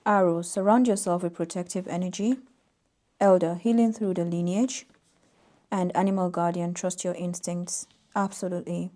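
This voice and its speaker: A woman giving an intuitive tarot reading to camera, reading out card meanings in a soft, gently emphatic way. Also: fairly low pitch, steady tone, normal speed. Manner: soft-spoken, reads oracle card text aloud with gentle emphasis. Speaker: tarot reader.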